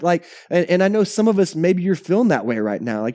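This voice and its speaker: Male pastor, sermon, conversational, animated, mellow voice, dry sound. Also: fairly high pitch, moderate pace, no room sound. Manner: conversational and animated, often asks "right?", repeats words.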